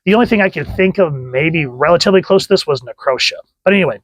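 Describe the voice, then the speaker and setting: A man talks through a comic book review in a relaxed, chatty way, often restarting phrases. His voice sits a little high for a man. The recording is dry and close. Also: fast talker, dry recording, rough recording. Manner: chatty, restarts phrases, reads panels aloud. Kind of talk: casual video review.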